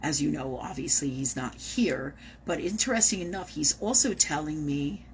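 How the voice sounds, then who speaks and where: A woman's voice: deep voice, normal speed, a little hiss or hum, poor audio. Chatty woman giving a live reading. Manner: chatty, animated, swears casually. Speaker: psychic medium.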